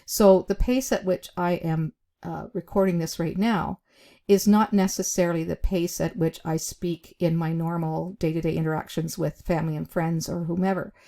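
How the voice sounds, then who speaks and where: Mellow, lower-voiced woman teaching. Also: steady tone, vocal fry. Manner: deliberate, with emphasized words and short pauses; chatty, with frequent fillers. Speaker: job skills instructor. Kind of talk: instructional talk to camera.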